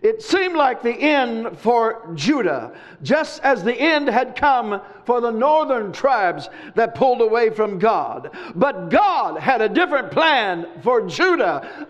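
A man delivers a sermon in a strikingly high voice, hammering points through repetition and breaking into sudden shouts. The recording is muffled and lo-fi. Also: big pitch swings, takes it slowly, hardly any pauses. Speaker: preacher. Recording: dull lo-fi recording.

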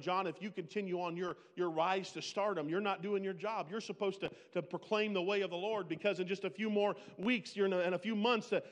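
A man preaching a sermon, swinging between loud, pleading bursts and hushed, slow lines. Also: high-pitched, in a large hall. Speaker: pastor.

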